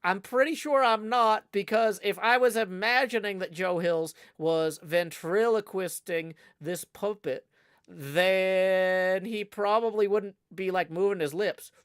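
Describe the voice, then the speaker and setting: A man's voice: high voice, measured pace, fairly bright tone, clear, resonant tone, no room sound, studio quality. A man chatting casually on a livestream, rambling and playful with lots of restarts. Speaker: livestreaming gamer.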